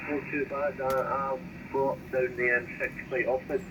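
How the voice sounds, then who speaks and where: A man's voice: medium pitch, level tone, unhurried. A man calling in over CB radio, chatting in a brief, matter-of-fact way. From Scotland. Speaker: CB radio caller. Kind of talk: casual radio chat. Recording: muffled radio signal with hiss.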